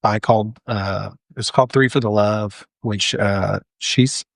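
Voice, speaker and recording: Young adult male, lower register, dry studio sound; earnest interview guest recounting a story. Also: fairly even intonation, measured pace, gravelly, no echo. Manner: earnest, frequent "like" fillers and restarts. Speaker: firefighter guest. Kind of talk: candid storytelling in a podcast interview.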